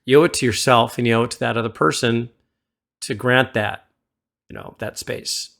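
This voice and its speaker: A man hosting a music reaction video, gently advising the viewer like a mentor into a desktop studio mic. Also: medium pitch, steady tone, normal speed, gravelly. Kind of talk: casual reaction commentary. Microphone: desktop USB studio microphone.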